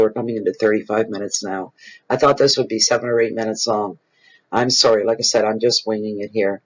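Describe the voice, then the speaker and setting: A man, hosting his own tarot channel and talking casually and off the cuff to viewers. He is expressive and rambling, and he repeats phrases for emphasis. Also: fairly low pitch, breathy edge. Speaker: tarot reader and channel host. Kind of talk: casual improvised spiritual talk to viewers. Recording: dull lo-fi recording.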